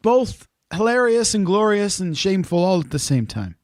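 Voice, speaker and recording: His voice sits high and swings widely in pitch at a moderate pace, captured dry with studio quality. As a podcast co-host in a casual chat, he's playful and talkative and leads the discussion.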